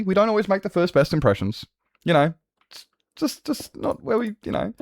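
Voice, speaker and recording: Vulgar, animated Australian guy. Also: sits high, brisk, no echo, studio quality. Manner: vulgar, swears freely, rough around the edges; animated, jokey, laughs often. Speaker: game streamer. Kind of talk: live game-stream chat.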